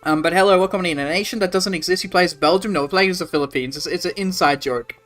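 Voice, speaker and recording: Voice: medium pitch, fast talker, a bit bright, soft background music. An Australian streamer chatting casually during a live strategy game, answering chat in a rambling way with plenty of swearing.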